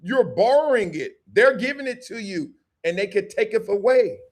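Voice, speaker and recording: A man's voice: sits high, animated, moderate pace. A man hosting a sports talk show, talking animatedly and acting out quotes in character voices. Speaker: show host.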